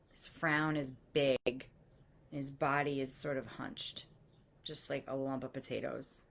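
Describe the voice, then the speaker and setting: Low-voiced, blunt woman telling a story. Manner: candid, blunt, swears freely; lively, animates quoted voices. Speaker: spiritual coach. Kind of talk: casual storytelling monologue.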